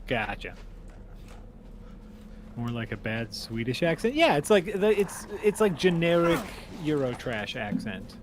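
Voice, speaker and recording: A man's voice: mid-range voice, very animated, measured pace, noisy background. A man co-hosting a game stream in casual chat, joking and laughing often. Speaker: co-host watching a game stream.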